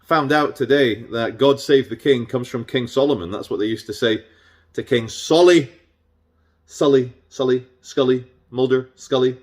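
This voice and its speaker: A man's voice: mid-range voice, moderate pace. A man delivering a rambling, sarcastic and irreverent casual monologue as a vlogger.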